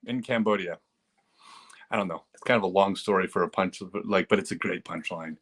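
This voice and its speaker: A man hosting a live stream, telling disc golf stories in a casual, animated way, often chuckling as he talks. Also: low voice, normal speed. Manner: animated storyteller who chuckles and acts out quotes.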